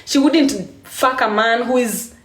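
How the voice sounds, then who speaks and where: A woman's voice: fairly high pitch, a little slow, roomy sound. A woman with a Kenyan accent talking casually on a live stream, laughing often and repeating phrases for emphasis.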